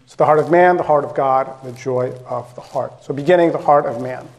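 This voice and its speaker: A man's voice: mid-range voice, a little fast, a little mellow. A male pastor preaching a sermon in a conversational, direct way, repeating phrases for emphasis.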